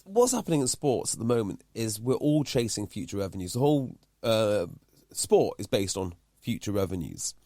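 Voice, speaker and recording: A man's voice: on the low side, very animated, normal speed, few pauses, warm tone, no room sound, clean studio sound. A man, a podcast host talking casually and explaining a point at length. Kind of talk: casual chat.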